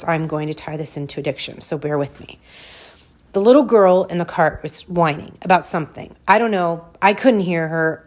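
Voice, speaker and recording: Lively woman telling a story, low-pitched. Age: 40s. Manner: animated, addresses listeners as "you guys", acts out her reactions. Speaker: podcast host. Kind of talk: personal storytelling monologue.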